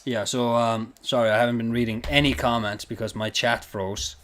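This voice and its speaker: A man's voice: medium pitch, steady tone, moderate pace, fairly bright tone. A man streaming a video game, rambling casually to chat, swearing and laughing at himself as he plays. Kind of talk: casual gameplay commentary.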